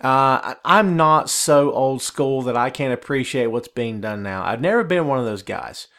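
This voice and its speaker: A man's voice: medium pitch, lively intonation, normal speed, a bit bright. A man with a Southern US accent from the Carolinas, hosting a solo podcast in a chatty, rambling way with many fillers and restarts. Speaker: podcast host. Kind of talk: casual solo podcast talk.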